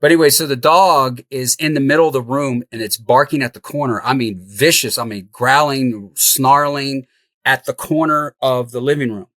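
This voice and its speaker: Middle-aged male guest, lively raconteur with a mid-range voice, dry close sound. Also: mid-range voice, normal speed, no echo. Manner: animated, laughs through the tale. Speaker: podcast guest, house flipper. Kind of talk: storytelling in an interview.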